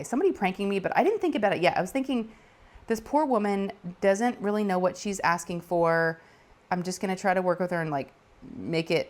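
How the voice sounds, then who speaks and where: A woman in her forties, telling stories in a casual chat and acting out the voices of callers. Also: medium pitch. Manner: animated, acts out callers' voices, laughs often. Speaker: crafting channel host.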